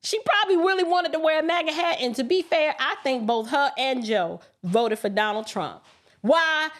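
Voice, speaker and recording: A woman's voice: high-pitched, expressive, moderate pace. A woman hosting a political commentary livestream, colloquial and emphatic, often mimicking others in quoted asides. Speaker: livestream host.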